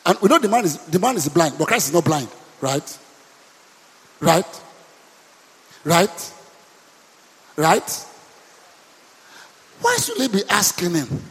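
A man's voice: high voice, wildly swooping pitch, slow pace, pauses often, fairly bright tone, slightly rough, in a large hall. A man with a Nigerian accent, a pastor preaching a sermon with emphatic call-and-response to his congregation.

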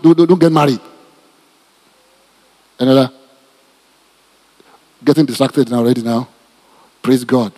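A Nigerian-accented male pastor teaches from scripture in a mellow, slightly husky voice pitched a little high. He talks in an animated, repetitive way and tosses joking asides to his listeners. His words ring out with a long reverb, as in a church hall. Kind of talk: teaching sermon, Bible study.

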